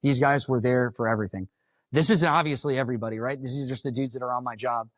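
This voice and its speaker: A man's voice: medium pitch, fairly even intonation, fast talker, no room sound. A man from Florida, a firefighter, telling his own story to a live audience in a blunt, casual, profane way. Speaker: firefighter giving a talk. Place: conference room.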